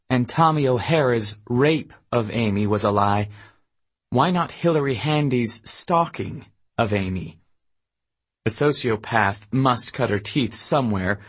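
A man reads a novel aloud in the first person, keeping a low, restrained and measured delivery. His voice has a husky, slightly breathy texture, and he takes his time. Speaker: audiobook narrator. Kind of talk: scripted first-person narration.

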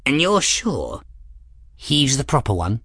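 A man voicing an eccentric, excitable old male scholar in an audiobook, in a high, thin, scattered voice. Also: slow pace, husky, no echo, studio quality, exaggerated voice. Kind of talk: audiobook character voice.

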